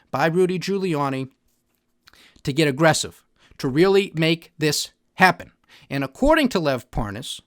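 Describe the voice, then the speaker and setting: An emphatic man hosting a political commentary podcast, often checking in with his listener. His voice sits a bit high for a man, and the sound is dry and close to the mic. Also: a bit bright, dry recording. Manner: emphatic, repeats "All right?" to the listener. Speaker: podcast host.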